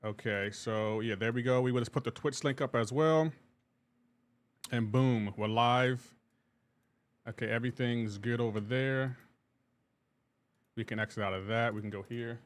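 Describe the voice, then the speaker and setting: A man's voice: mid-range voice, measured pace, long pauses. A man streaming a game live, chatting casually and greeting his viewers one by one in an upbeat, talkative way. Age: adult with a child.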